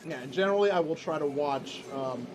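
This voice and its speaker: A man's voice: a little high, a little fast, noisy background. A man streaming and chatting casually while he plays a game, rambling with lots of fillers and restarts. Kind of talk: casual chat while gaming.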